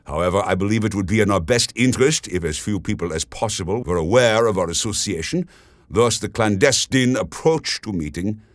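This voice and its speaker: A man voicing a suave, persuasive German businessman with a German accent, speaking politely and smoothly. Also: on the low side, expressive, a little fast, no room sound, studio quality, close to an everyday voice. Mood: courteous.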